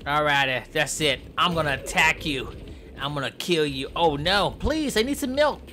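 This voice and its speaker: A man commentating gameplay in a goofy, clowning way, yelping and jumping high in pitch when things go wrong. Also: expressive, moderate pace, sharp tone, a little hiss or hum. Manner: sing-song chanting and repeated silly words.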